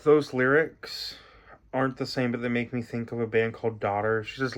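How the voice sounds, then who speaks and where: A young man hosting a music reaction video, talking in a soft, reflective way and rambling with many fillers. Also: medium pitch, fairly even intonation, moderate pace. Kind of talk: casual reaction commentary.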